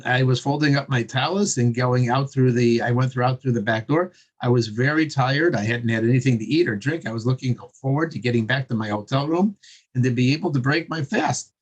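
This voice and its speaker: Earnest male religious storyteller. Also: mid-range voice. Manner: earnest, conversational, with many pauses.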